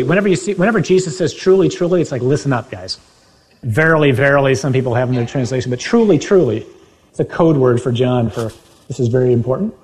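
A man's voice: fairly high pitch, lively intonation, a little fast, a little mellow, low-quality recording. A man preaching a sermon, reading scripture aloud and driving his points home with sudden emphatic rises. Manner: reads scripture aloud with emphatic, rising exclamations.

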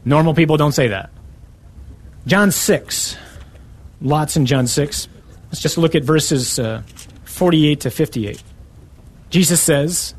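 A man preaching a sermon, emphatic and punching key words with sudden rises in pitch. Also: slow, pauses often.

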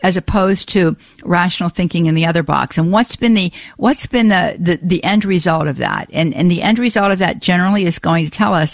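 A woman's voice: fairly low pitch, lively intonation, fairly quick, vocal fry, hardly any pauses, no room sound. Effusive woman hosting call-in radio. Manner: effusive, repeats words of praise. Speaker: radio talk show host. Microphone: studio mic.

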